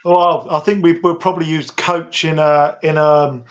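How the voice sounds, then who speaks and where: A British man co-hosting a casual chat, talking in an animated way with many restarts. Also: a little high, moderate pace. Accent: British English. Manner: animated, acts out quotes with lots of restarts. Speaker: podcast co-host. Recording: dull lo-fi audio.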